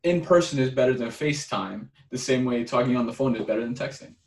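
A man's voice: mid-range voice, quick pace, recorded from a distance. Young man, podcast co-host, casual chat, laughs a lot, stammers, roomy echo. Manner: animated, laughs often, stammers. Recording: echoey room.

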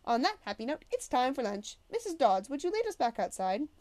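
A stern, exacting older teacher, as a woman reader puts him on speaks in precise, formal sentences. He sounds demanding and measured, with a strong, firm voice that carries well. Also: sits high, sing-song, darkish tone, pitched above the performer's own voice.

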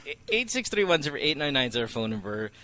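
A man's voice: mid-range voice, very animated, quick pace, pushed and bright. A middle-aged man hosting a morning radio show, joking and teasing his co-host and mixing in Tagalog words.

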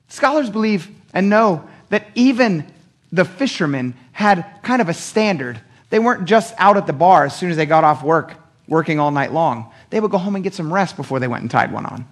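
A man's voice: fairly high pitch, animated, moderate pace. A man preaching a Sunday sermon in a casual, slangy way, often acting out what people in the story said. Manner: casual, slangy preaching that acts out quoted speech. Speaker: pastor.

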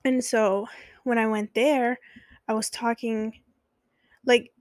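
A young woman tells her own story in a candid, chatty way, with plenty of filler words. Her voice sits a little high. The sound is dry and close, with no room echo. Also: level tone, slow. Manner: candid, conversational, many fillers. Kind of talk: personal storytelling.

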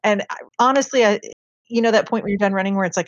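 A woman co-hosting a casual podcast chat, telling a story softly and swearing casually. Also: mid-range voice, fast talker, dry recording, highs cut off. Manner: soft-spoken, swears casually. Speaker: podcast co-host.

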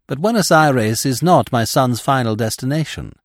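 A dignified, strong-willed widow from a classic mystery tale speaks in a raised, lifted register with wide swings of pitch, as a male narrator puts her on. She holds herself with proud composure. The sound is close and dry. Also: expressive, normal speed, no room sound, natural voice. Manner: dignified, emotional. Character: proud, resolute grieving older widow.

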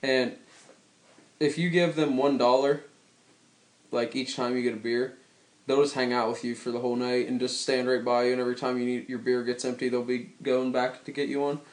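A man's voice: medium pitch, flat delivery. Rambling young man in an echoey room. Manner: rambling, joking, drawn-out pauses. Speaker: podcast co-host. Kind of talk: casual chat.

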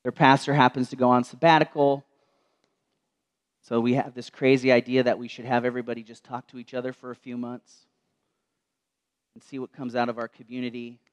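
A man's voice: mid-range voice, flat delivery, clear, resonant tone. Man preaching a reflective sermon. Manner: storytelling, slows and softens for quoted words. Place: church.

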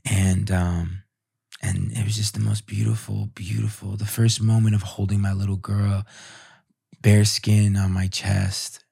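Gravelly-voiced man telling a heartfelt story. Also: lowish voice, flat delivery, mellow. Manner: heartfelt, halting, many restarts. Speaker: podcast guest, entrepreneur. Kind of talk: emotional personal storytelling.

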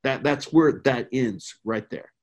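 A man's voice: mid-range voice, animated, slow pace. A middle-aged man from the United States talking casually and earnestly, emphatic and rambling with restarts. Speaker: podcast guest, veteran who worked overseas. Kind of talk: casual conversation.

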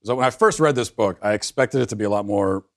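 A man's voice: on the low side, fast talker. A man guest in a casual book discussion, thoughtful and restarting phrases as he works out his points. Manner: thoughtful, repeats words as he builds his point.

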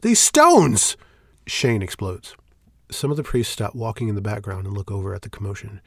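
A man narrating a scripted short horror story in a measured, even way. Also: fairly low pitch, husky, no echo. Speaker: story reader.

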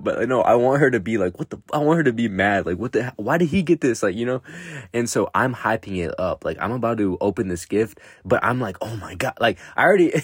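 Low-voiced young man rambling on a podcast. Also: breathy edge, dry recording, clean studio sound. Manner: rambling, laughing, swears freely. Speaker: podcast host. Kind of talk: casual solo podcast chat.

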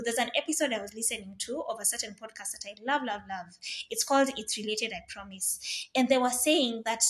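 A young woman, chatting casually on a solo podcast. She talks in an animated way, slips in Swahili words and acts out little voices. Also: on the high side. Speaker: podcast host.

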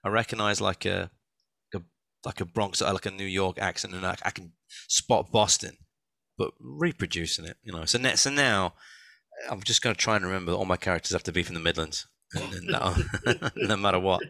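A man, an author and audiobook narrator, chatting as a guest in an animated, rambling way with many restarts. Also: low-pitched, brisk, creaky, no room sound. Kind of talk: casual conversation.

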